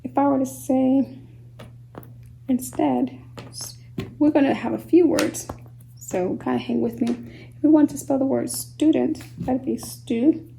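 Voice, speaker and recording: High, gravelly woman teacher, patient. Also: warm tone, slight background noise, low-quality recording. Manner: slow, patient, sounds words out syllable by syllable. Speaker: homeschool teacher. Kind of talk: phonics lesson for young children.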